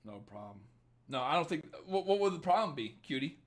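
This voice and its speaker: A young man hosting a casual livestream, reading viewer comments and giving dating advice in a profane, joking, animated way. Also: a little high, fairly quick. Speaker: dating coach livestream host.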